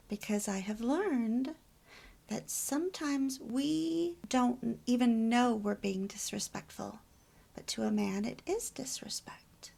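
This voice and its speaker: A middle-aged woman hosting a homemaking video, telling personal stories in a soft, often near-whispered way. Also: fairly high pitch, creaky. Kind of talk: personal storytelling talk.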